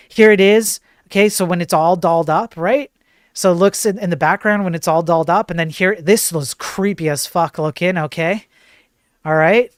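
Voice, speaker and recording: A man's voice: a little high, smooth, no echo, clean studio sound. A man hosting a livestream, commenting casually on videos as he plays them, swearing often, repeating himself and reading on-screen text aloud. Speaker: livestream host.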